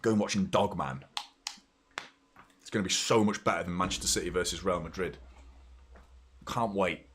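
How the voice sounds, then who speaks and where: There's slight background noise as a UK man in his thirties, low-voiced and measured with frequent pauses, hosts a fan watchalong. Blunt and sweary, he reacts live to the football, talks to his viewers, and grows excitable when things heat up.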